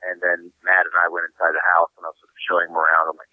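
A man's voice: low voice, monotone, rapid-fire, no echo. Rambling, swearing storyteller man on a tinny line. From Saint Louis, USA. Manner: rambling, profane, laughing storyteller. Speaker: touring musician guest. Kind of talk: casual storytelling in a podcast chat. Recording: dry, tinny phone-like sound.

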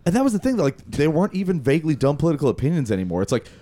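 Male podcast host, relaxed tone, dry mic, chatty and loose. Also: fairly high pitch, rapid-fire, dry recording. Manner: rambling, laughing, lots of fillers. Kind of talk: casual chat.

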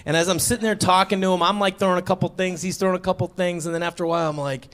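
A man's voice: high voice, fairly even intonation, rapid-fire, a bit bright. A man doing a stand-up set, telling stories and acting out both sides of his conversations. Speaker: stand-up comedian. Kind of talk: stand-up set before a live audience. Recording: stage recording with audience laughter.

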